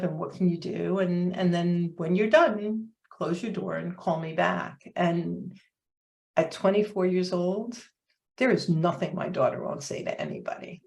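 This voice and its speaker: Woman in her 50s, lower pitch, earnest reflective interview guest who hesitates often. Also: gravelly. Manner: earnest, reflective, many fillers. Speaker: podcast guest, coach. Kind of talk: candid interview storytelling.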